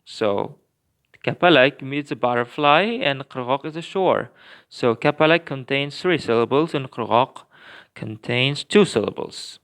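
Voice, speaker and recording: Slow, clear-voiced man teaching grammar. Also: medium pitch, fairly bright tone. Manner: slow, careful explaining with many fillers and restarts. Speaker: language teacher. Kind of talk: recorded grammar lesson.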